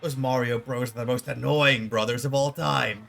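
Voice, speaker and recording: A man's voice: mid-range voice, fairly even intonation, normal speed, vocal fry, a bit bright. A man doing a blustering villain king. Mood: irritated. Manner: bellowing, gloating, indignant. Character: boastful blustering male villain king, hot-tempered. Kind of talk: reading game dialogue aloud in character.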